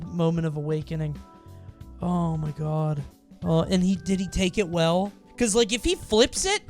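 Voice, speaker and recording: High-voiced young man reacting animatedly. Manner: animated, exclaiming and swearing freely. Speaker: streamer reacting to viewer stories. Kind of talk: casual reaction commentary.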